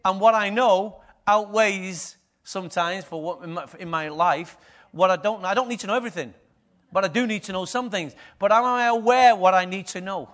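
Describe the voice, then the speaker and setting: High-voiced pastor preaching. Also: male voice, normal speed, a bit bright. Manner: conversational preaching, asks the congregation questions. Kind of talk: sermon.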